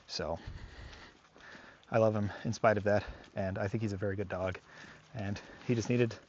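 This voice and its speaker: A man with a fairly low voice talks loosely and thoughtfully as a dog trainer, wandering between points and filling gaps with "um" and "like". He is out on a walk, recorded with a slightly dull tone and a faint hiss behind him. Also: steady tone, normal speed, a little mellow. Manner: rambling and reflective, with many fillers. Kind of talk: casual talk to camera. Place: outdoors on a park walk.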